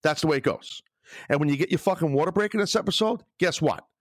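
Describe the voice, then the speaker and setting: Speaking at a quick pace in a slightly high voice, a man hosts his own podcast alone, swearing a lot in a sarcastic rant. He records on a studio microphone with no music underneath, and the studio-quality audio has no room sound.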